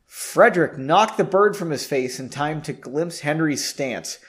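A man's voice: on the high side, animated, measured pace, a bit bright. A man casually reading a story aloud, breaking off for chatty, jokey asides and correcting his own slips. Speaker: reader.

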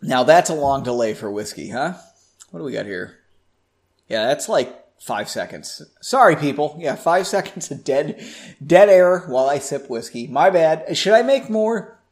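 A man reads a fantasy story aloud on his podcast, stopping now and then to joke about the text. His voice is slightly high for a man and very animated, rising and falling freely. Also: moderate pace. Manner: playful, jokes and laughs at the text. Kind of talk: story reading with casual asides.

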